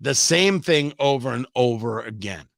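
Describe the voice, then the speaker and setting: A man hosting a live radio news show, giving animated commentary full of joking asides. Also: mid-range voice, moderate pace, gravelly, no room sound. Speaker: radio talk show host.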